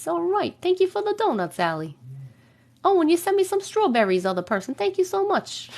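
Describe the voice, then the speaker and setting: A woman's voice: very high-pitched, big pitch swings, a little fast, creaky. A woman live-streaming from home, chatting with viewers and reading their stories aloud, swearing casually and laughing as she reacts. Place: home room, alone.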